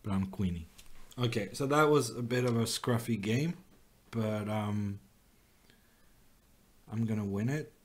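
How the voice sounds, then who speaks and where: A man's voice: lowish voice, measured pace, pauses often. A young man, streaming chess and thinking aloud with wry, self-mocking remarks. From Norway. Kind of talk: live chess commentary.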